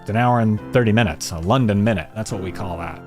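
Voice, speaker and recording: A man's voice: lowish voice, fast, darkish tone. A man hosting a casual live stream, rambling and reflective with jokes, faint music behind him. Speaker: host of a fan channel live stream.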